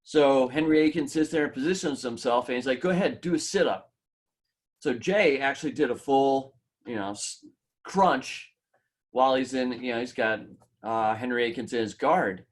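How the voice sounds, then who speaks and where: A man's voice: mid-range voice, normal speed. A man who co-hosts a podcast, telling a story casually in loose, run-on sentences. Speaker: podcast co-host.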